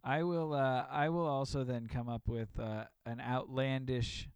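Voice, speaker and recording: A man co-hosting a podcast, bantering in a playful, quick-witted way with frequent laughter. His voice sits at an ordinary male pitch. The sound is dry, with no room echo. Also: steady tone, smooth. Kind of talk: casual chat.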